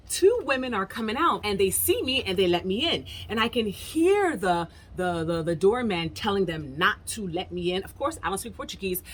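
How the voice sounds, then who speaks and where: A woman's voice: mid-range voice, fairly bright tone, a little hiss or hum. An American woman vlogger tells a story straight to camera in a casual, emphatic way, often calling out to her viewers as "y'all". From United States. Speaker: travel vlogger.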